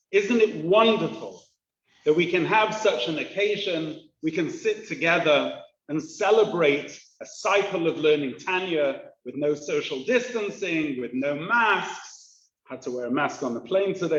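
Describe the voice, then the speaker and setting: Man, rabbi, high voice, slow and jovial, lo-fi hall recording. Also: a bit bright. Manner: jovial storyteller, joking with the audience. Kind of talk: humorous inspirational address. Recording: roomy, dull lo-fi hall recording.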